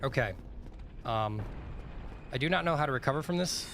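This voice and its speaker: Brief: male streamer, mid-pitched voice, rambling chatty commentary, game noise clearly behind. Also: animated, moderate pace. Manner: rambling, chatty, lots of fillers. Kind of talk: casual live-stream commentary.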